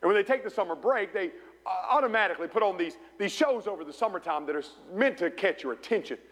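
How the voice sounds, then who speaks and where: A man preaching a sermon as pastor in a church, building to passionate peaks and dropping to hushed storytelling. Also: sits high, expressive, fast talker. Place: church sanctuary. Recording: long church reverb.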